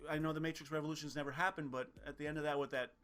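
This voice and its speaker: A man's voice: a little high, fairly even intonation, very fast, a bit bright. A young man co-hosting a film review podcast, talking casually and animatedly, swearing and mimicking characters from the films. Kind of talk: casual chat.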